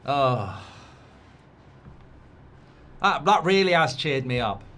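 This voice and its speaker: A man's voice: on the high side, lively intonation, takes it slowly, sharp tone, a little hiss or hum. A man hosting a football watchalong, talking in a sarcastic, blunt, rambling way. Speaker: host.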